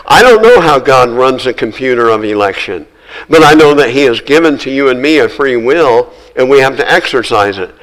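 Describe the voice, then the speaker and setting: A man preaching a sermon, earnest and emphatic, repeating phrases and slowing down to stress key words. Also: medium pitch, expressive, a bit bright, poor audio.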